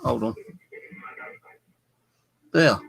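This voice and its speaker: A man live-streaming from his flat, puzzling aloud over what a recording is saying. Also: very slow. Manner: puzzled, keeps asking what a recording says. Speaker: paranormal vlogger.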